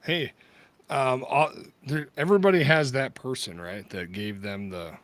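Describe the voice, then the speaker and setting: A man's voice: medium pitch, normal speed, a bit bright, dry recording. A man co-hosting a casual podcast, teasing and joking with his friends. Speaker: podcast co-host.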